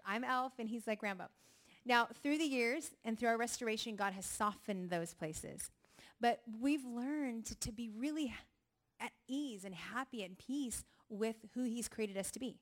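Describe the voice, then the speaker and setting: A middle-aged woman giving a personal testimony talk at a ministry gathering, telling her story with animated, acted-out voices. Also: fairly high pitch, normal speed.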